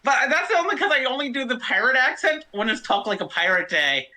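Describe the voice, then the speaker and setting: A woman's voice: fairly high pitch, big pitch swings, fairly quick, pushed and bright, rough recording. A woman streaming a game, chatting casually and explaining things knowledgeably.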